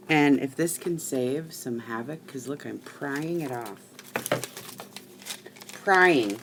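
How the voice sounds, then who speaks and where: Low-voiced chatty woman crafting live. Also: gravelly, a little hiss or hum. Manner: rambling, chatty, swears freely. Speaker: crafting live-stream host. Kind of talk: casual chat to live viewers.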